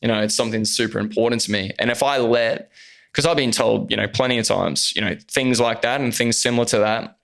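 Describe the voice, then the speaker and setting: A man's voice: mid-range voice, steady tone, fairly quick, creaky, fairly bright tone. A man, an actor speaking as a podcast guest, talking earnestly and openly in casual conversation with plenty of fillers. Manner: earnest and open, many fillers.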